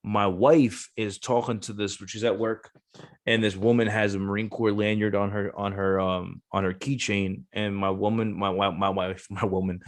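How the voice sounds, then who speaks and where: Low-voiced blunt Marine sergeant storyteller. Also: male voice, level tone, moderate pace. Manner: blunt, swears freely, acts out quoted voices in stories. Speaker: Marine gunnery sergeant, former recruiter. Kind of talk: casual podcast conversation.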